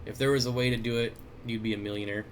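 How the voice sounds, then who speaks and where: A man hosting a casual livestream, reading viewer comments aloud and answering aquarium questions in a relaxed, chuckling way with lots of fillers. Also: medium pitch, fast talker, slight background noise. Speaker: aquarium store owner and livestream host. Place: indoors, at his fish room or store. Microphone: desk mic.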